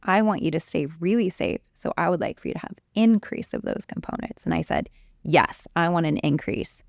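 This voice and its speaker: A middle-aged woman coach telling a personal story in an interview, animated and acting out quoted exchanges. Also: on the low side, normal speed, creaky, no room sound, studio quality.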